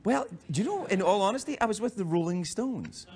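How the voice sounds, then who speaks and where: A man hosting a late-night talk show, bantering with a guest in a playful, teasing way with sudden loud exclamations and quiet asides. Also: sits high, animated, fairly quick.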